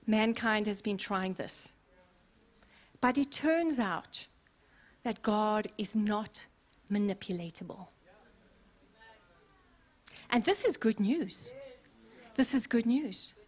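A woman pastor preaching a sermon, expressive and playful, with humorous asides to the congregation. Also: fairly high pitch. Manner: expressive, acts out scenes.

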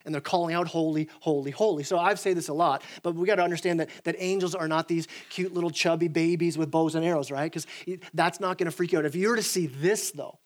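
Pastor, male, fairly high voice, lively sermon delivery, restarts phrases, works the room. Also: fast, hardly any pauses. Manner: animated, repeats words when starting sentences, acts out voices. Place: church sanctuary.

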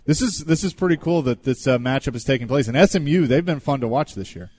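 A man's voice: mid-range voice, expressive, quick pace, a little mellow. Male radio co-host, curious, moves the talk to the next topic. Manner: inquisitive, sets up topics.

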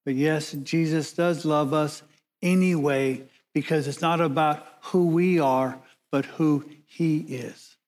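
A man preaching a sermon as pastor, measured and emphatic, slowing down and pausing to stress key words. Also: fairly high pitch, steady tone, darkish tone.

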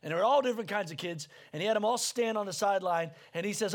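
Gravelly, high-pitched preaching man. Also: fast, hardly any pauses. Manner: earnest, conversational preaching with repeated restarts; raises his voice to near shouting when stirred. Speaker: pastor. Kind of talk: sermon.

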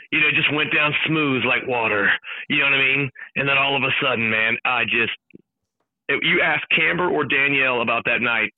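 Energetic man on a tinny phone line. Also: fairly high pitch, no echo. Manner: energetic, rapid, jokey. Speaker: guest, sports play-by-play announcer. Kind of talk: animated storytelling chat.

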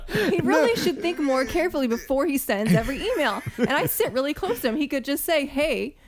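A woman's voice: sits high, very animated, a little fast, a loud crowd. A woman co-hosting a casual podcast, defending herself emphatically and laughing as she talks. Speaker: podcast co-host. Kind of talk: casual chat.

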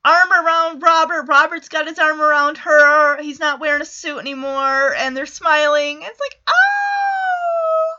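Excitable female vlogger with a high, bright voice, chatting through a recap. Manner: excitable, acts out the lines. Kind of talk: casual reaction recap. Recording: dull lo-fi recording.

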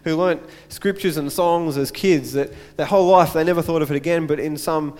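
Male pastor, earnest sermon delivery, rhetorical repetition, slightly high voice, echoing church. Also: fairly even intonation, fairly quick, darkish tone. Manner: earnest, repeats phrases and asks rhetorical questions.

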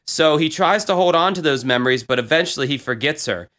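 A man's voice: a little high, animated, quick pace, fairly bright tone. A young man in casual chat, reading his old posts aloud and retelling them with profanity and laughter.

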